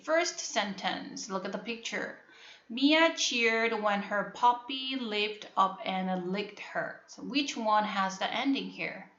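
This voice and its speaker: A woman with a Korean accent, a native Korean speaker, teaching an English phonics lesson to a class, repeating words slowly and checking that students understand. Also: a little high, fairly bright tone. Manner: repetitive, drills words and asks if students understand. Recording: echoey classroom, dull lo-fi sound.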